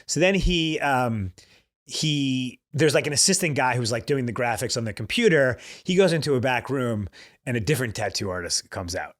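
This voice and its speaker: A podcast co-host with a mid-range voice tells a story at a normal speed during casual chat, staying animated and laughing often.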